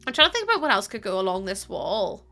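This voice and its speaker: A woman's voice: medium pitch, very animated, fast talker, bright, forceful tone. A young woman live streaming, chatting casually with her viewers, giggling and playfully scolding them. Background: faint music.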